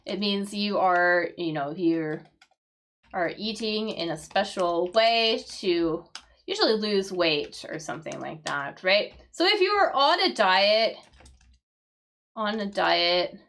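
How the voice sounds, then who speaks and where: Slow-talking woman teaching English vocabulary. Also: medium pitch, expressive, a bit bright. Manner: explains slowly with frequent "right?" checks and fillers. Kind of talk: live-stream crossword vocabulary lesson.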